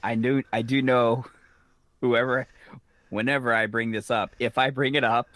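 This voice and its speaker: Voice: mid-range voice, little pitch movement, moderate pace, a bit bright, dry recording. A podcast co-host in casual, playful and sassy banter. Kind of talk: casual chat.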